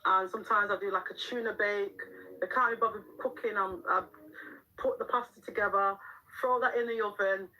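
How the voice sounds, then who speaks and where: Woman, middle-aged, live-stream chat, frank and chatty, bright voice. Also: mid-range voice, fairly even intonation, brisk, poor audio. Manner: chatty, frank, laughs often, talks back to the chat. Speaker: livestream host and mum. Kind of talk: casual live-stream chat reading viewer comments.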